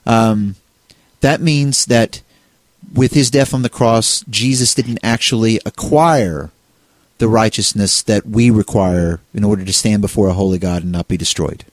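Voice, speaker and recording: A man's voice: on the low side, unhurried, no room sound. A man co-hosting a casual discussion on faith, talking in a rambling way with many restarts and fillers. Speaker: co-host.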